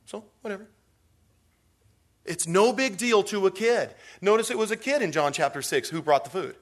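A man preaching to his church in a lively, conversational way, breaking into quick acted-out voices and jokes. His voice sits a little high for a man and swings widely in pitch as he goes. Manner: animated, acts out quotes with big pitch swings; conversational, jokey asides. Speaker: pastor. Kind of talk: sermon.

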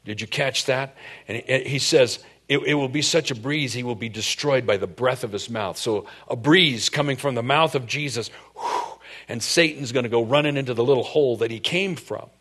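A male pastor delivers a sermon in a church, his voice mid-pitched and ordinary in tone. He preaches with animation, breaking into raised, playful voices for the quotes he acts out. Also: normal speed, a bit bright.

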